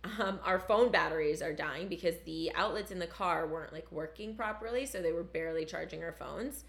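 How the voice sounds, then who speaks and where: A young woman from Canada telling a story in casual chat, animated and full of swearing and "like" fillers. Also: on the low side, brisk, vocal fry. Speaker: storyteller guest.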